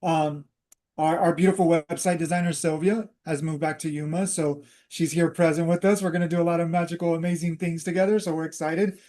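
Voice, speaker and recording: A man's voice: fairly high pitch, fairly even intonation, a little fast, dark tone. A man hosting a talk, casually telling a personal story and drifting into spiritual teaching, with many fillers and restarts. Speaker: host.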